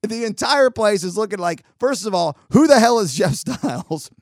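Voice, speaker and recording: Male host, casual sarcastic storytelling, lively swoops, slightly high, dry close sound. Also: no echo. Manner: sarcastic, animated, quick asides. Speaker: podcast host.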